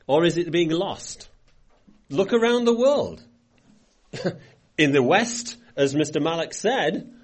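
An older male preacher with a voice on the high side leads a Bible study sermon. He reads scripture aloud with building emphasis, then comments loosely and conversationally, restarting as he goes.

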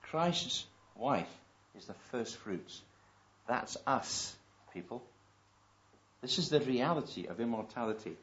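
A man preaching a sermon. He reads scripture slowly and with emphasis and asks the congregation rhetorical questions. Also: medium pitch, lively intonation, fairly bright tone. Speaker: pastor. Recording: dull lo-fi recording.

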